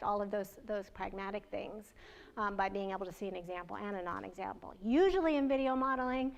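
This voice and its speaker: A woman's voice: medium pitch, lo-fi sound. A woman leading a training workshop, talking in a conversational way with light laughs and questions to the audience. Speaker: workshop presenter. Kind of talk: training presentation to parents and educators.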